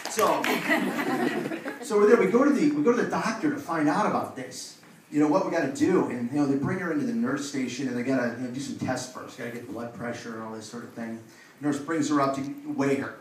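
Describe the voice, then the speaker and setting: A man's voice: mid-range voice, brisk, recorded from a distance, slight background noise. A man telling a loose, swearing stand-up story on a comedy club stage, with the audience laughing behind him. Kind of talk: stand-up set. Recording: echoey club, mic heard from afar.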